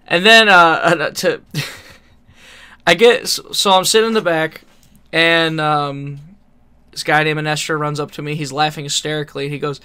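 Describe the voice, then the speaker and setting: A man's voice: on the high side, fairly even intonation, measured pace, long pauses, pushed and bright, clear, resonant tone. A man co-hosting a podcast, telling a rambling story in casual chat, laughing often and swearing freely. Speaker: podcast co-host.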